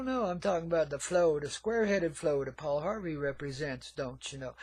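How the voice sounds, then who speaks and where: An older man hosting a radio show, rambling in a folksy hippie drawl and calling listeners man and babies, swinging between murmured asides and loud outbursts. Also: on the high side, creaky, breathy edge, no room sound. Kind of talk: rambling monologue.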